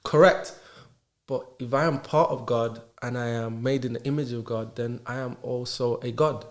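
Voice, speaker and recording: Man, earnest guest who works through ideas with rhetorical questions, mid pitch, roomy echo. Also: steady tone, moderate pace. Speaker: podcast guest. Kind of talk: casual podcast chat.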